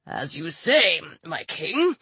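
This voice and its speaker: A woman growling as a gruff crocodile god. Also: on the low side, big pitch swings, slow pace, bright, forceful tone, no room sound, voice pushed down, exaggerated voice. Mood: deferential. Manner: deferential, grumbling. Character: gruff ancient male crocodile god, servile.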